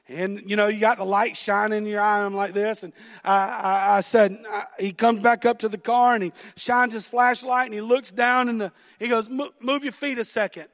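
High-voiced Southern pastor in a reverberant hall. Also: male voice, steady tone, normal speed, few pauses, fairly bright tone. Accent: Southern American. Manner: storytelling, laughs at himself, acts out dialogue. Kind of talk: sermon with a personal story. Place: church sanctuary.

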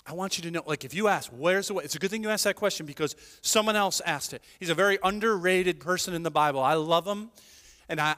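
A man preaching a sermon as a pastor, telling stories in a chatty, animated way with quick asides. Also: a little high, in a large hall.

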